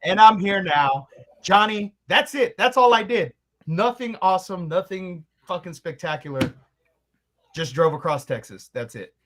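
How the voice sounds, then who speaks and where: Male podcast co-host, slightly higher voice, deadpan anecdotal delivery with casual profanity. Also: measured pace. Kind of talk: casual storytelling.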